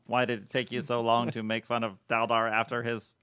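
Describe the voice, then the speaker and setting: A man's voice: mid-range voice, completely flat delivery, brisk, bright, forceful tone, clear, resonant tone. Male co-host, casual banter, needles his pals. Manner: teasing, laughs often. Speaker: podcast co-host. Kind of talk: casual chat.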